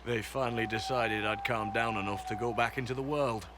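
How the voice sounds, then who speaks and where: Calm disciplined soldier, man voicing him, measured, matter-of-fact, game dialogue. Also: on the low side, background noise, close to an everyday voice.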